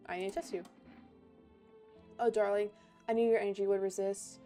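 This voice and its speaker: A woman's voice: mid-range voice, fairly even intonation, moderate pace, dark tone, soft background music. A woman streamer doing offhand, reactive commentary during a game playthrough and reading the game's text aloud. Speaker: gaming streamer.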